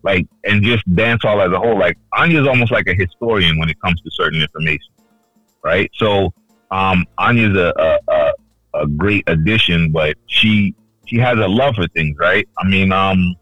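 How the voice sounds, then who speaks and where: A man co-hosting a casual podcast chat, telling stories loudly with lots of swearing and acted-out quotes. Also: low-pitched, normal speed, no echo, dull audio, faint music behind. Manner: animated storyteller, loud and swearing, acts out quotes. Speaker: podcast co-host.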